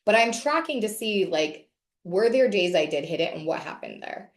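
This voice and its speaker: A woman's voice: medium pitch, lively intonation, moderate pace, reverberant. A woman leading a casual wellness session on a video call, chatty and candid, cursing now and then.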